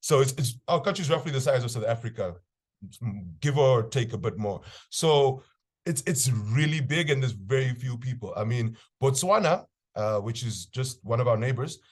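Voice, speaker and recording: A man's voice: medium pitch, lively intonation, normal speed. A man from Namibia, an easygoing podcast guest talking casually. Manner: easygoing, with frequent restarts. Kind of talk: casual interview.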